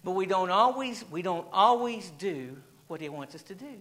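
A pastor with a high-pitched, expressive, bright-ish voice preaches a sermon in church at normal speed, though the audio is poor. He reads an anecdote aloud in a storytelling manner, repeating phrases and firing questions at the congregation.

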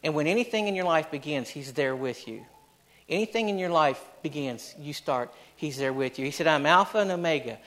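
A middle-aged man with a notably high voice delivers a sermon. He preaches emphatically, circling back on his phrases and putting rhetorical questions to his congregation. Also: expressive, normal speed. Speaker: pastor.

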